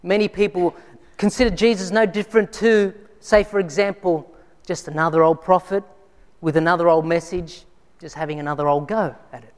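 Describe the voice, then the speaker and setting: A man's voice: high voice, steady tone, fairly quick. A man preaching a sermon in a church, telling a personal story in a conversational way with frequent restarts. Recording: long hall reverb.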